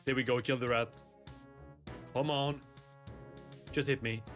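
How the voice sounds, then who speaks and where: A young man giving live commentary on his own gameplay, excitable and pleading with the game. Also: medium pitch, measured pace, faint music behind. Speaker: gaming streamer.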